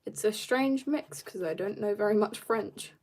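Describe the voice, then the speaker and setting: A woman from South Africa keeps up easy conversation with her viewers while drawing live, reading and answering their comments from upstairs in her home. Her medium-pitched voice is a little mellow and moves at a normal speed.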